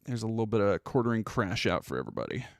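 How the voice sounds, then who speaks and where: A man's voice: on the low side, big pitch swings, racing, no room sound. Brief: man hosting a casual stream, sarcastic and swearing, dry close mic. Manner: casual and sarcastic, swears, reads chat aloud. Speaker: stream host.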